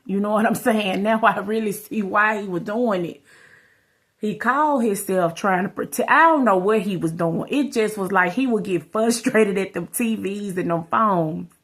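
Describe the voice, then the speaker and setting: A woman's voice: medium pitch, moderate pace, a bit bright. A woman tells her story to camera in a loose, rambling way. She keeps turning to her viewers with "y'all" and "you know what I'm saying." Her talk is casual and unscripted. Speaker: vlogger.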